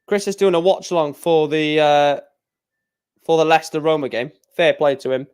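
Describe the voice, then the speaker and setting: A man's voice: on the high side, steady tone, normal speed, darkish tone, clean tone. A young man chatting casually on a live stream, rambling with stammered restarts and blunt opinions.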